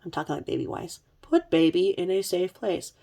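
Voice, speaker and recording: A woman's voice: fairly low pitch, lively intonation, normal speed, gravelly, dark tone. A middle-aged woman telling a true crime story in a chatty, sarcastic vlog style with blunt asides. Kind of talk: casual vlog narration.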